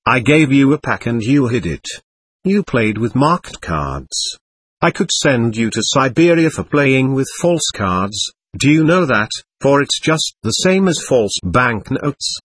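Man voicing a blunt innkeeper, rude, accusing, husky, close and dry. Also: medium pitch, big pitch swings, measured pace, a bit bright, no room sound, exaggerated voice.

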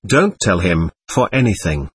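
A man reading the part of a desperate young prisoner who pleads with his brother, in a husky, lively voice. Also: low voice, a little slow, pitched below the performer's own voice, exaggerated voice. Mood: pleading. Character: anguished young man awaiting trial, impassioned. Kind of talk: audiobook reading.

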